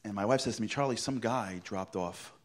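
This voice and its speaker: A middle-aged man tells a story to a crowd, with a slightly low voice. He acts out every line of dialogue with theatrical flair and swings from loud bursts down to near whispers. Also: a little fast. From Brooklyn, New York. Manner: theatrical, acts out dialogue, drops to a hush for punchlines. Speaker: motivational speaker. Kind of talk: animated storytelling talk.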